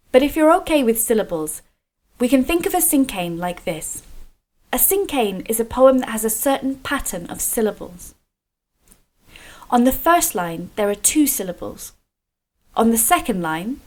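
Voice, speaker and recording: A woman from Scotland leading a creative writing video workshop for children, explaining slowly and clearly with encouragement. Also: mid-range voice, darkish tone.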